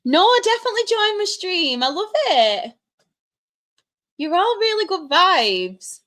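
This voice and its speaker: A woman's voice: very high voice, sing-song, unhurried, a bit bright. A young woman with a Mancunian accent, chatting casually with her live-stream audience, laughing often and trading banter with chat. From Manchester, England. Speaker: streamer answering chat questions.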